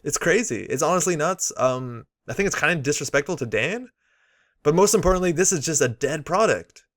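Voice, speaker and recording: A man's voice: fairly high pitch, expressive, a little fast, fairly bright tone. A man giving casual, opinionated commentary while unboxing and reviewing game cards, with frequent fillers. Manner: chatty, opinionated, many fillers.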